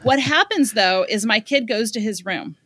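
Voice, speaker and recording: A woman's voice: on the high side, moderate pace, dry recording. A middle-aged woman from the United States, a parenting expert guest in an interview, speaking in a conversational way and acting out parent and child lines as she tells stories. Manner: animated storytelling with acted parent and child quotes.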